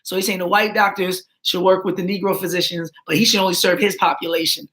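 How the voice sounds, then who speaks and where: A woman hosting her channel, reading documents aloud with animated asides. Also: fairly low pitch. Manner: animated, slows down for quotes, playful asides. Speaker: channel host.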